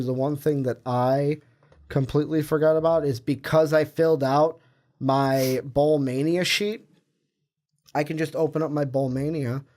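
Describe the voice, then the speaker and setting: A chatty man hosting a casual sports podcast. His voice sits a little high and he rambles along loosely, tripping over names as he goes. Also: darkish tone. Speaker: podcast co-host.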